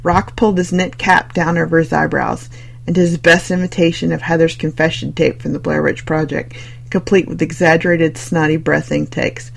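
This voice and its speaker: An audiobook narrator reads scripted fiction with a wry, conversational lilt, moving easily between scene-setting and characters' thoughts. The voice holds a steady gravelly fry at an even middle pitch, at a moderate pace.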